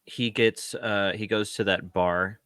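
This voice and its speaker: A man's voice: lowish voice, fairly even intonation, takes it slowly, a bit bright, clean tone, no echo, clean studio sound. A man co-hosting a casual film podcast. He talks in a laid-back way, riffs on jokes and laughs often. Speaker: podcast co-host. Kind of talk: casual film-review chat.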